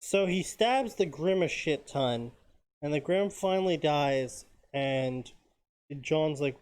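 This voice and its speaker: Deadpan man reading fanfiction aloud. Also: a little high, takes it slowly. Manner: deadpan, sarcastic, swears freely. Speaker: fanfiction reading show host.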